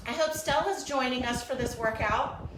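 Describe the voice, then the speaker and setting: A woman fitness coach livestreams a workout from home. She talks in a chatty, encouraging way with a slightly high voice. The sound is echoey, with faint background noise. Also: normal speed, far from the mic. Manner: chatty, apologetic about tech trouble, encouraging. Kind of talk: live-streamed home workout instruction.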